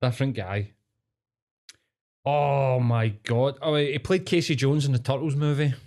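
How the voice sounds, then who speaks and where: A man's voice: medium pitch, a little slow. Sweary Scottish man chatting casually. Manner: swears a lot, rambling and animated. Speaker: podcast co-host. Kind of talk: casual chat.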